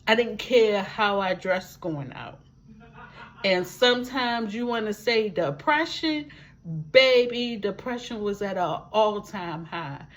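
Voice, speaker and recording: An animated woman with a mid-range voice speaks slowly to her viewers. She vlogs about her life with a disability as a wheelchair user, and this personal testimonial to camera is emphatic, with repeated words for effect and folksy asides.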